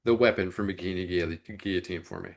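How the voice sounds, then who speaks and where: A male interview host puts his questions across in a relaxed, easygoing manner. His voice sits on the low side for a man. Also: fast, gravelly. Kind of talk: casual interview talk.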